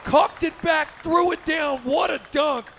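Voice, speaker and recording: A man giving energetic, upbeat play-by-play for a basketball video game tournament, often shouting the big plays. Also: very high voice, measured pace, vocal fry, noisy background. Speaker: esports commentator.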